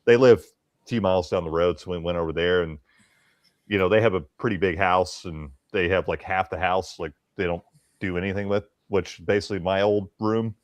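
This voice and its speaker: A man's voice: low voice, fairly even intonation, fairly quick, no echo. A man from Tennessee, a guest in a casual chat, rambling, repeating words and swearing casually.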